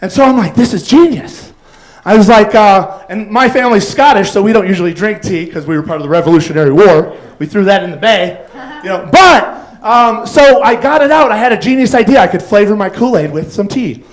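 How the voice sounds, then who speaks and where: On a club stage, a stand-up comedian with a high voice talks briskly over a rough recording. His set is made of rambling stories packed with fillers and acted-out quotes.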